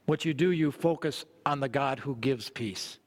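A man's voice: mid-range voice, moderate pace. Earnest preacher man in a reverberant hall. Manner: earnest, repeats phrases while reading scripture aloud. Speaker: pastor. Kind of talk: sermon.

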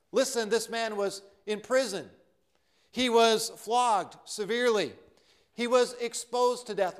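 A man's voice: high-pitched, clean tone. An American man preaching a sermon as pastor, earnest and building on repeated refrains.

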